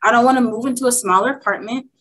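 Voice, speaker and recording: A woman's voice: fairly high pitch, very fast, a bit bright, slightly rough, low-quality recording. A young woman speaking at a women's workshop, sharing an emotional personal testimony in a heartfelt, candid way.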